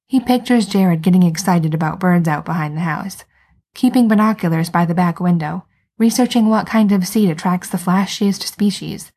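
Woman narrator, wry story reading, low husky voice. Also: normal speed, a little mellow. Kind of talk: fan fiction read aloud.

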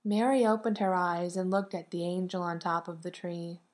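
Calm woman narrating a storybook. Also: lowish voice, normal speed. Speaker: audiobook narrator. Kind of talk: scripted narration of a romance novel.

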